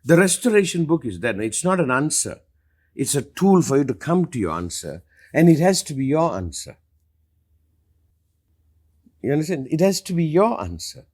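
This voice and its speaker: Middle-aged male teacher, husky, very animated intonation, emphatic live talk. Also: normal speed, pauses often. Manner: emphatic, passionate, lively swings in pitch and loudness. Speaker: spiritual teacher.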